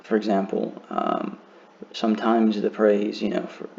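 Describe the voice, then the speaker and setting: A man with a low, gravelly voice gives a patient beginner lesson. He stretches out the words he is demonstrating, and the recording sounds dull and lo-fi. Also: wildly swooping pitch, darkish tone, a little hiss or hum. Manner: patient, explanatory, drawn-out example words. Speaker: teacher. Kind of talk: beginner lesson on Quran recitation.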